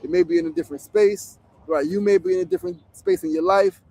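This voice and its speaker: Streaming by phone from a street-side tent, this New York show host in his 40s keeps things casual, blunt and heavy on profanity. He speaks quickly in a fairly high, gravelly yet mellow voice, and there's no room sound.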